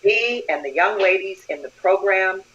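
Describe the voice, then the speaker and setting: Older woman telling lively stories. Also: mid-range voice, moderate pace, muffled recording. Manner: animated storyteller, acts out quoted dialogue. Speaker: guest, community leader. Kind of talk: storytelling interview.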